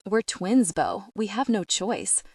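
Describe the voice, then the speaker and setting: A woman reading the lines of a huge, blunt male bodyguard, keeping the words short, grunted and flat. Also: mid-range voice, slow pace, slightly rough, no echo, clean studio sound. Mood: terse. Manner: grunting, terse.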